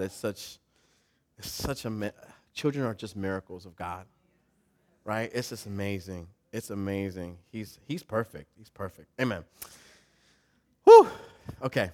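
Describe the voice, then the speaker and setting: An older man, a grandfather and pastor, preaches a lively, conversational sermon that swings between soft, reflective moments and loud, emphatic stretches. At times he becomes emotional and choked up, speaking unhurriedly in a lowish voice.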